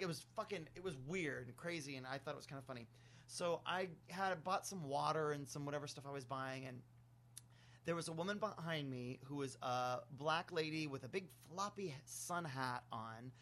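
A man with a slightly high voice tells a rambling comic story in a relaxed, chatty way. He curses freely and slips into other people's voices as he goes. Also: moderate pace. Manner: animated, chatty, swears casually. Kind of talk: comic storytelling, casual chat.

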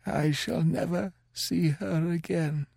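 A man's voice: sits high, expressive, drawn-out words, creaky, slightly rough, no room sound, clean studio sound, pitched above the performer's own voice, full character voice. A man voicing a grief-stricken aged male watchmaker who talks in a mournful, quavering lament. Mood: grieving.

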